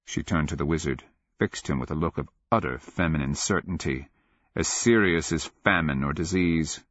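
A man narrating a fantasy audiobook in a measured, grave, steady reading, in a dry and slightly dull studio recording. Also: rumbling low, no echo. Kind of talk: scripted narration.

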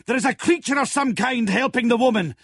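A man doing a fanatical shouting church leader. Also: extremely high pitch, brisk, breathy edge, no echo, studio quality, voice pushed up, exaggerated voice. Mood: commanding. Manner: barking orders, urgent. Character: fanatical male church president, commanding.

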